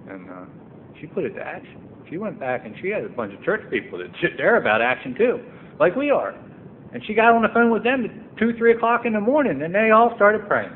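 Earnest man telling his recovery story. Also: fairly low pitch. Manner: earnest, rising to emphatic and impassioned. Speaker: speaker sharing his recovery story at a meeting. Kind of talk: personal testimony talk. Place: meeting room. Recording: tinny phone-like recording, faint noise.

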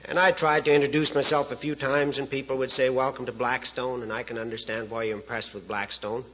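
A man's voice: mid-range voice, little pitch movement, fast talker, fairly bright tone, poor audio. A man from Saskatchewan, giving a speech as a guest speaker in a folksy, joking way and chuckling at his own stories. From Canada, Saskatchewan. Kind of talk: storytelling speech to an audience.

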